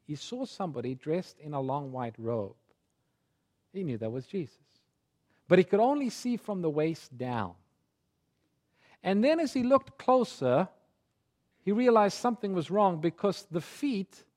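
A man preaching a sermon through a personal story, his delivery swinging from hushed tones to fervent pleading. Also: on the high side.

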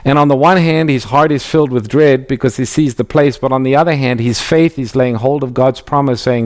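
A man with a mid-range voice teaches through a Bible passage. His delivery is measured and emphatic, and he slows down on key phrases. He reads scripture aloud along the way. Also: mid-range voice.

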